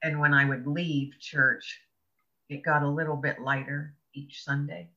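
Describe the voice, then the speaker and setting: A woman's voice: low-pitched, little pitch movement, a little slow, pushed and bright. A woman guest on an interview show, telling a personal story earnestly and with laughs between thoughts. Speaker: podcast guest, author. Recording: dull lo-fi audio.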